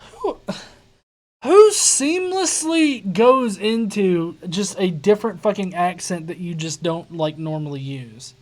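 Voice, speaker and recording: Slow and animated, this woman's lowish voice drives a live reaction stream where she mocks what she sees. Her remarks are incredulous, sarcastic, and laced with curse words.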